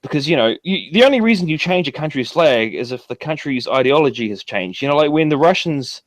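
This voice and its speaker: A man's voice: a little high, expressive, a little fast, no room sound. A man from New Zealand with a New Zealand accent, calling in to a casual chat and talking in a rambling, profane way full of fillers. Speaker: caller.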